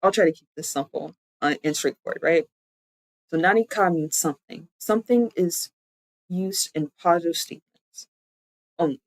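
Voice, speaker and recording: A streamer talks through a casual live-stream lesson, chatty and loose, often correcting themself mid-sentence. The voice sits at a middling pitch and sounds dry and close, with no room around it. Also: normal speed, no echo, rough recording. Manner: chatty, loose explanations full of "like"; self-correcting, thinking aloud. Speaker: streamer teaching language.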